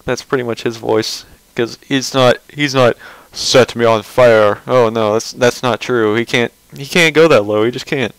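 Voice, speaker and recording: Man, casual commentary, mocking, rambling, smooth voice, dry recording. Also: medium pitch, moderate pace, hardly any pauses, a bit bright, no room sound, poor audio. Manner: rambling, mocking and sarcastic, with frequent restarts. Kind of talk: casual commentary on a webcomic page.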